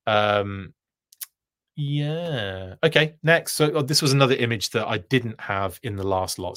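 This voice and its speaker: Chatty man with a low voice. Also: a bit bright. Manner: chatty, self-interrupting, answers viewer comments. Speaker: host. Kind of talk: casual livestream reaction chat.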